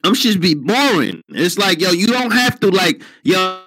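A man co-hosting a casual podcast chat, speaking bluntly, with halting restarts. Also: high-pitched, sing-song, pushed and bright, rough recording. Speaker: podcast co-host.

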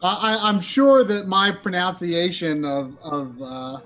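A man's voice: high voice, takes it slowly, a bit bright. A man with a faded Southern US accent chatting casually on a stream, often repeating words as he talks. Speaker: co-host.

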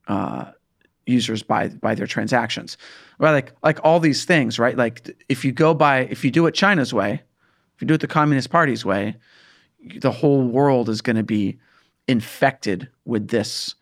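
A man in casual political discussion, halting with fillers and restarts. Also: mid-range voice. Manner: hesitant, restarts, many fillers like "like" and "right".

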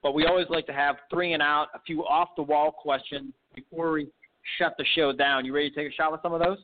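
Fast-talking male sports show host on a phone line. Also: on the high side, fairly even intonation. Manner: enthusiastic, rambling questions. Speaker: podcast host. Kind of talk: sports interview.

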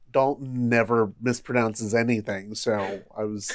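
A man's voice: fairly low pitch, steady tone, dry recording, clean studio sound. A man hosting a casual podcast discussion, chatty and easily amused. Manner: chatty, amused, quick to laugh. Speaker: podcast host.

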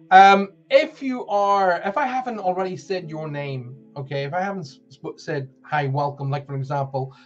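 A man with a Northern Irish accent hosting a live-streamed spiritual show in a chatty, rambling way, with many fillers and restarts. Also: mid-range voice. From Northern Ireland. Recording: dull lo-fi stream audio.

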